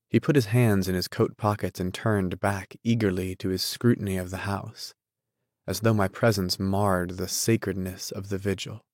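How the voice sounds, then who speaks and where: An audiobook narrator, a man with a deep voice, reads a novel in a measured, even storytelling style. The scripted literary narration is recorded in a clean studio with no room sound.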